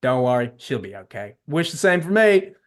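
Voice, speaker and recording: A man's voice: medium pitch, very animated, moderate pace, clean tone, lightly acted. A man putting on a brash Texan drawl. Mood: chummy. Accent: put-on Texan. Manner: chummy, rambling, over-eager. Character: brash, friendly, clueless Southern American man.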